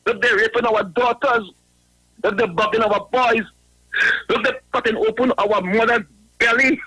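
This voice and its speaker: A man calling in to a radio show, ranting in a high voice, laughing through his words and mocking a critic again and again. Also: pushed and bright, dry recording, low-quality recording. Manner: repetitive, mocking, addresses a critic by name. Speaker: radio caller. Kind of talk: ranting call-in. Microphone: phone line.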